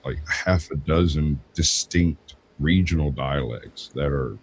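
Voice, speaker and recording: A man's voice: a bass voice, slow pace, a little hiss or hum. A man from Georgia with a Southern accent, telling a rambling story in a casual podcast chat. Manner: rambling storyteller, animated when quoting others.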